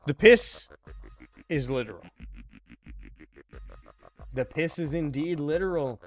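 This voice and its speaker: A young man livestreaming a game, chatting casually and ranting with heavy swearing and frequent laughter. His voice sits a little high for a man, and soft game music plays under his talk. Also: expressive, slow. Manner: profane, ranting, laughs often. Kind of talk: casual chat while streaming a game.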